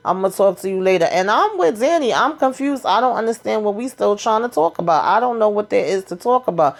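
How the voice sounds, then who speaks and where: A woman's voice: on the high side, lively intonation, fairly quick, gravelly. A woman recapping a TV episode in a casual, chatty and slangy way, telling the story as she goes. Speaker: TV recap vlogger.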